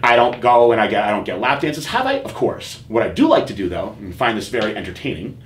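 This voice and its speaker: A man hosting a podcast in casual chat, telling candid stories with profanity and animated quoting. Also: fairly low pitch, fast talker. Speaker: podcast host. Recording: echoey room with faint noise.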